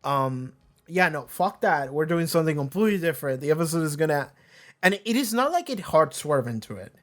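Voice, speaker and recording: A man's voice: on the high side, big pitch swings, fairly quick. A man hosting a reaction video, talking casually and animatedly, rambling with frequent restarts and swearing.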